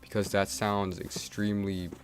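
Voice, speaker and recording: A man's voice: low-pitched, little pitch movement, moderate pace. A young man, streaming a game and chatting casually in a rambling way, full of fillers and restarts. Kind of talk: casual rambling chat while playing a game. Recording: game music playing clearly behind the voice.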